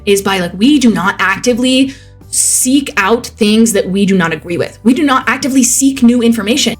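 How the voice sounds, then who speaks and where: Earnest young woman vlogging casually. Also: mid-range voice. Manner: earnest, frequent "like" fillers, laughs easily. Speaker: vlogger answering viewer questions. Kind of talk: casual reflective monologue.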